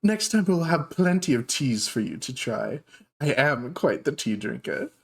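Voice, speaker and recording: A man voicing a flirty dark elf shopkeeper woman. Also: a little high, big pitch swings, unhurried, creaky, voice pushed up, full character voice. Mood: flirty, gushing. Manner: theatrical, drawling "darling".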